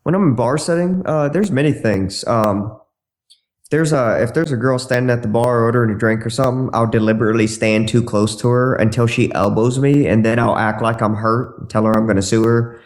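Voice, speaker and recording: Male podcast guest, mid-pitched, goofy and playful, acts out silly lines as he tells stories. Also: a little fast. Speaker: dating coach guest. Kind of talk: casual podcast interview.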